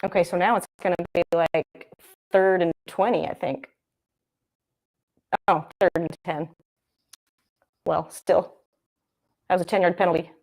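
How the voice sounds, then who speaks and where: A young woman talks her way through a live football broadcast. She rambles and thinks out loud and keeps circling back to the action on screen. She sounds like a casual livestream host. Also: fairly low pitch, steady tone, unhurried, long pauses. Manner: chatty and rambling, thinking aloud. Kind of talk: casual live game commentary.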